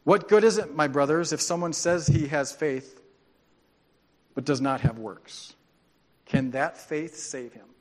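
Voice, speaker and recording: A man preaching a sermon as a pastor, animated and joking, acting out quoted voices. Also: on the high side, a little slow, pauses often, long reverb tail. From grew up on a farm.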